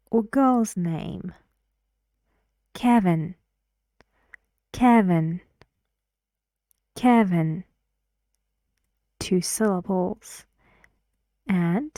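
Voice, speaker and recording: A woman teaching English pronunciation, modelling each word loudly, repeating it, and giving soft explanations in between. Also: mid-range voice, no echo, clean studio sound. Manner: models words loudly and repeats them, drops to soft asides. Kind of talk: slow, deliberate pronunciation lesson.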